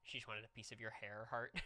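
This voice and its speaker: A young man chatting on a live stream, his voice bright and forward. He tells stories in a jokey, animated way, playing up the quotes. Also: medium pitch, moderate pace. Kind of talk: casual chat with viewers.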